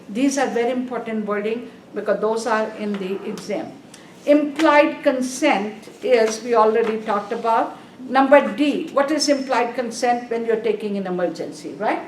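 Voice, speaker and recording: Higher-voiced instructor lecturing in an echoey classroom. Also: female voice. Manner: quizzes students and repeats "are we clear?"; stresses key words emphatically. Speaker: nursing exam review instructor. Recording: roomy, distant, faint background noise.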